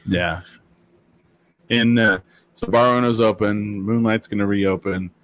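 A man's voice: on the low side, steady tone, measured pace, a little hiss or hum. A man chatting casually, telling rambling stories full of fillers and acted-out quotes. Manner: rambling storyteller with many fillers and quoted voices. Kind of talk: casual chat.

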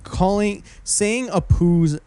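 A man co-hosting a podcast in casual chat, joking in a wry, deadpan way. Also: high-pitched, slow, smooth, no echo. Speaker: podcast co-host.

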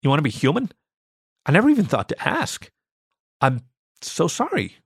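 A man's voice: on the high side, wildly swooping pitch, moderate pace, vocal fry, husky, no echo, studio quality, pitched above the performer's own voice, full character voice. Man voicing a flustered female canine. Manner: flustered, exasperated.

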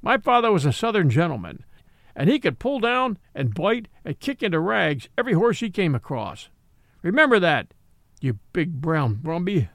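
A man's voice: sits high, big pitch swings, moderate pace, vocal fry, a bit bright, no room sound, clean studio sound, full character voice. A man voicing Billy, a touchy and stubborn male army mule, blunt and prickly in a storybook reading. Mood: angry.

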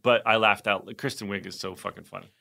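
A man's voice: lowish voice, steady tone, fast, vocal fry, bright, forceful tone. A man co-hosting a podcast, chatting casually with a caller, laughing often and restarting sentences. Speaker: podcast co-host. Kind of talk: casual chat.

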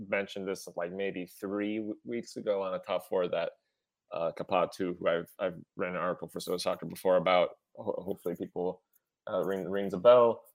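A man co-hosting a soccer podcast, talking in a halting, relaxed way with many fillers. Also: low-pitched, dry recording. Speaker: podcast co-host. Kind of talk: casual podcast chat.

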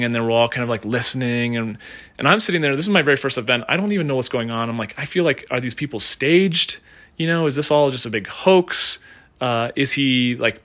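A man's voice: mid-range voice, pushed and bright. A man hosting a podcast, telling a story in a casual, rambling way with many fillers. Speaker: podcast host. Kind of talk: storytelling monologue.

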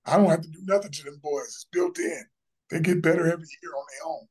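A man's voice: a little high, huge pitch swings, fast talker, a little mellow, slightly rough. A man in his fifties talking as a guest in a casual interview, brash and boastful, with emphatic delivery. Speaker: podcast guest.

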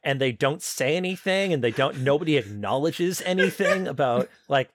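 A man's voice: on the high side, lively intonation, moderate pace, background noise. A man co-hosting a casual comedy podcast, playful and riffing on ideas. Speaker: podcast co-host.

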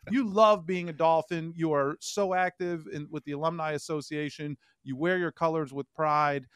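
A man with a fairly high voice hosts a radio chat. He asks his questions in a playful, joking way. The recording is dry and close. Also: steady tone, normal speed, a bit bright, clean tone, dry recording. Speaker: radio host. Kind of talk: casual radio interview.

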